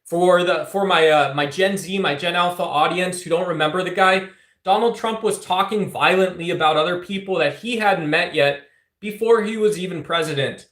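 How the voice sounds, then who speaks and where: A man from the Southwest United States hosts a political livestream and argues with chat, teasing and combative. He leans on fillers and restarts as he talks. His voice sits a little high and bounces around an echoey room. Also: normal speed, fairly bright tone. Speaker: livestream host answering chat. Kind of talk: casual political livestream talk.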